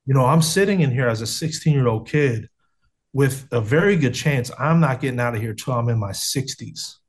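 A man's voice: mid-range voice, expressive, normal speed. A man in his thirties from the United States, telling his life story as a guest on a video call, earnest and casual, with many restarts and slang like "man" and "bro". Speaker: guest sharing testimony. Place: home setup on a video call.

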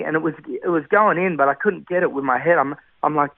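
A man's voice: fairly high pitch, fast talker, hardly any pauses, dry recording. A man, telling his personal testimony in an earnest, heartfelt way with many fillers. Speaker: guest sharing testimony. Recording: tinny phone-like radio sound.

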